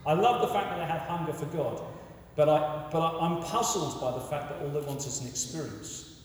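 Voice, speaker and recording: Man, sermon, preacher, conversational, higher voice, distant mic, long hall reverb. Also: fairly quick. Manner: animated, conversational, self-interrupting with repeated words. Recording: echoey hall from far off.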